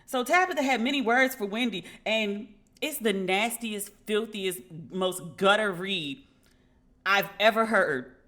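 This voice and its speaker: A woman host chatting casually on her podcast. Her voice is bright and forward, and she tells her stories with lively energy, acting out the back-and-forth she quotes. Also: medium pitch, unhurried. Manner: animated storytelling, acting out quoted dialogue. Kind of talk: casual commentary.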